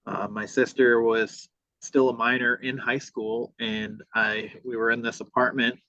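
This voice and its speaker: A man's voice: medium pitch, level tone, a little slow, sharp tone, no room sound. A man hosting a podcast, telling a personal story in a casual, profane way and acting out what people said. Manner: profane, re-enacts dialogue. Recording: dull lo-fi sound.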